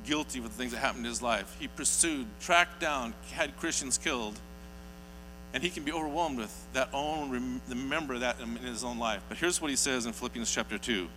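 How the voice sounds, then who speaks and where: A man's voice: mid-range voice, a little fast, sharp tone, faint music behind. Man preaching in an echoing hall. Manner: earnest storytelling, rising to emphatic peaks. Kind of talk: sermon. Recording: hall reverb with faint mains hum.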